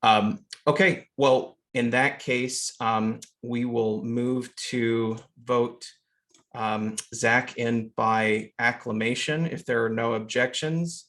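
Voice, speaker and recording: A man chairing an online meeting on a video call, halting and full of fillers as he runs through procedure. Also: mid-range voice, steady tone, a bit bright.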